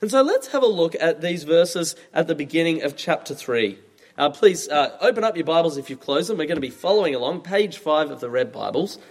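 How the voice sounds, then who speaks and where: Expressive preacher in an echoing hall. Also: male voice, fairly high pitch, a little fast. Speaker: pastor. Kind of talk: sermon. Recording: long reverb from a large hall.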